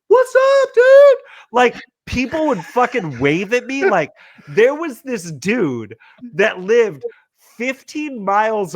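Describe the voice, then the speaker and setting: Man in his forties, from California, comic storyteller, swings his pitch, unhurried, dry close sound. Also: no room sound. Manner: animated, profane, acts out quotes. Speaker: podcast host.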